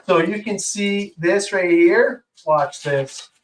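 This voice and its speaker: A man's voice: high voice, slow pace, slight background noise. A man co-hosting a casual show-and-tell, talking enthusiastically with lots of fillers while he demonstrates. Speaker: co-host. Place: indoor workshop room. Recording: roomy echo, far from mic.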